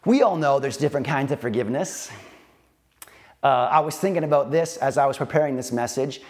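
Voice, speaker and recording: A man preaching a sermon, earnest and slow, repeating phrases with emphatic pauses. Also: a little high. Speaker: pastor.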